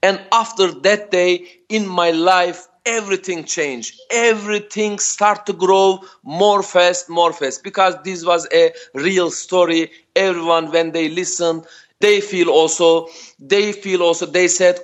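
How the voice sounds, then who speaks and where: A man who is not a native English speaker, telling an emotional personal story as a podcast guest in halting English. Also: high voice.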